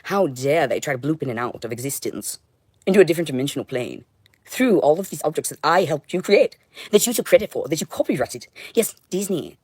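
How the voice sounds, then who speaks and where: A woman's voice: low voice, animated, brisk, darkish tone, breathy edge, no echo. A woman streaming alone, talking in an intense, profane ramble of short broken phrases. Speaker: livestreamer. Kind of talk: rambling solo livestream monologue.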